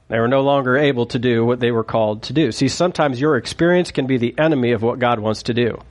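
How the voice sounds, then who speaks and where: A man preaching a sermon in a conversational, joking way, acting out quotes as he goes. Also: on the high side. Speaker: pastor.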